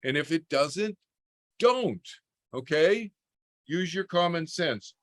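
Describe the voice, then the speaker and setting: A man's voice: on the high side, animated, takes it slowly, a bit bright, dry recording, clean studio sound. A man giving an informal talk over a video call as a spiritual teacher, speaking conversationally and often checking in with his listeners. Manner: conversational, keeps checking in with "okay?". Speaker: spiritual teacher speaking to a parent support group.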